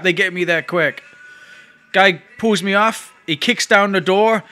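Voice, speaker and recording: A man with a bright, forceful voice pitched a little high recounts an ordeal in a rambling, emotional vlog. He restarts his sentences often, and faint music plays behind him. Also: steady tone, moderate pace. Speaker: vlogger. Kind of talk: casual storytelling to camera.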